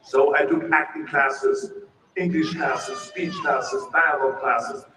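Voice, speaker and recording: A man's voice: on the high side, steady tone, slow, bright, forceful tone. An older man with an Austrian German accent giving a humorous, emphatic keynote speech at an outdoor ceremony. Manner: humorous, emphatic, self-deprecating. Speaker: keynote speaker. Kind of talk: public speech. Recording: echoey distant public-address sound with background noise.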